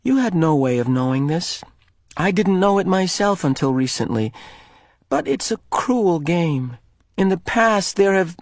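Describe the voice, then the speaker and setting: Guy doing a quiet troubled boy from the book, slow, careful, kind, just a little higher. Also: big pitch swings, no echo, heavily acted. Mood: earnest.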